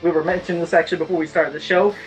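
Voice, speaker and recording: A man's voice: a little high, level tone, very fast, faint music behind, rough recording. A man hosting a podcast, opening the show and introducing a guest in a friendly, joking way. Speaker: podcast host.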